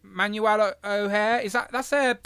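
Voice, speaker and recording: A man's voice: high-pitched, steady tone, moderate pace, a loud crowd. A man hosting a live stream in a casual, rambling way and reading out viewer messages. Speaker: host of a live toy stream. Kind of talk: casual chat.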